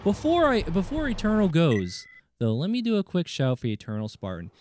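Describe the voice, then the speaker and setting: Speaking with a high, mellowish voice full of huge pitch swings, a British Columbian Canadian man talks casually with viewers during a game stream at a moderate pace. He thanks people by name and restarts words, and slight noise plus game music and gunfire sit behind him.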